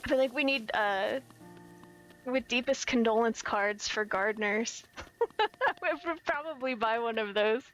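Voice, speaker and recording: A woman's voice: a little high, unhurried, fairly bright tone, low-quality recording. A young woman chatting casually while streaming a game, giggly and self-deprecating. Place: home, lives in California.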